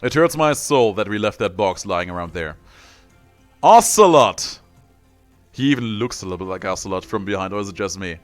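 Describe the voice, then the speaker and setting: A man's voice: low voice, fast talker, few pauses, no room sound, faint music behind. A man hosting a let's play video, making joking asides as he plays. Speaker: gaming channel host.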